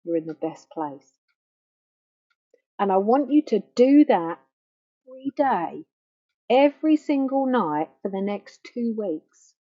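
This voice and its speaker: Soft-spoken gentle woman counsellor, muffled mic. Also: mid-range voice, big pitch swings. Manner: gentle, slow and reassuring, softening to a near hush. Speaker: grief counsellor. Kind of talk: guided self-help talk. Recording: dull lo-fi faulty microphone.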